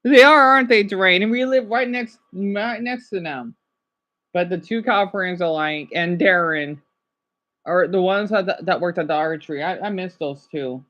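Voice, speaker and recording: A woman with an American accent, streaming and reacting to videos in a rambling, excitable chat with her viewers. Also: lowish voice, normal speed, dull audio.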